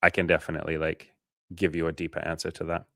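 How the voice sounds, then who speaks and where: A man's voice: a bass voice, completely flat delivery, fast talker, vocal fry, a bit bright, no room sound, studio quality. A man coaching on a casual livestream, swearing freely and acting out his clients' voices as he answers questions from the chat.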